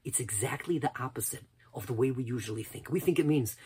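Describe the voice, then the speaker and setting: Male preacher, very breathy husky voice, impassioned sermon that jumps between shouts and hushed asides. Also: mid-range voice, fast talker, hardly any pauses. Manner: impassioned, swings from loud cries to near whispers. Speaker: rabbi.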